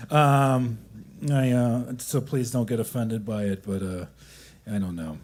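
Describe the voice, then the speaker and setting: A man's voice: medium pitch, unhurried, a little mellow. A man doing a rambling, self-deprecating comedy set at a coffee shop open mic, often stopping and restarting his sentences.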